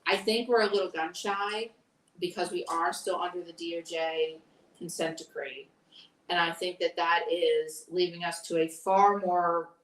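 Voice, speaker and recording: A woman with a slightly low voice lays out her views on school policy in an earnest, explanatory way, pausing often with ums and you-knows. She sounds distant from the mic, and the room around her is echoey. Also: fairly bright tone. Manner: earnest, explanatory, with frequent fillers. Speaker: school board candidate. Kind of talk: candidate forum answers.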